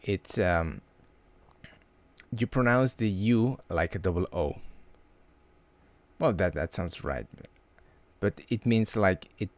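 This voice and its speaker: A man chatting casually on a livestream, halting and restarting his words often. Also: deep voice, lively intonation, no room sound. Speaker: livestream host.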